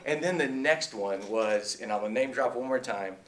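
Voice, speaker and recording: A man, a working actor on a workshop panel, telling excitable stories and laughing often. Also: mid-range voice, moderate pace, slight background noise. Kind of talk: animated anecdote telling. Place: acting studio workshop.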